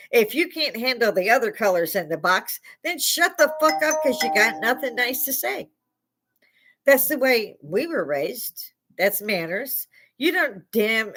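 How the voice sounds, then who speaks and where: A woman's voice: on the high side, fairly bright tone. An older woman from Chicago with a Chicago accent, hosting a live stream and ranting bluntly, with plenty of swearing. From Chicago, United States. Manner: blunt, profane, heated ranting. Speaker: livestream host. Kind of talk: opinionated live rant.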